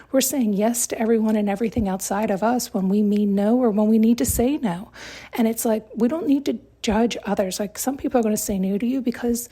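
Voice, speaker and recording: A woman talks through self-help advice in a breathy, slightly high voice. She speaks with emphasis and loops back over her points. She keeps checking in with the listener. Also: mellow. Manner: emphatic, repetitive, frequent tag questions. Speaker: podcast host.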